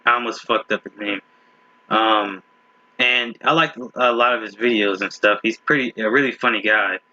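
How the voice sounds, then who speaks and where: A man's low-leaning, pushed and bright voice moves at a moderate pace with fairly even intonation and no echo. Hosting a casual reaction video recorded at home with slight muffling, he rambles, laughs at clips and keeps restarting what he says.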